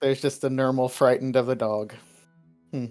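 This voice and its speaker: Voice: medium pitch, fairly even intonation, moderate pace, a little mellow, soft background music. Joking, laid-back tabletop player. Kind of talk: casual chat while playing.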